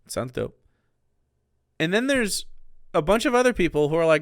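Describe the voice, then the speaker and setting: A man streaming live, giving casual, sarcastic, rambling commentary with animated bursts. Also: high-pitched, normal speed, no room sound, studio quality.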